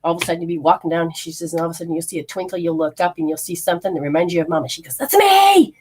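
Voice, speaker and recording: A woman's voice: on the low side, little pitch movement, racing, darkish tone, slight background noise. A woman hosting a casual live spirit reading, rambling, laughing often and acting out what the spirits say. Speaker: spiritual healer and medium.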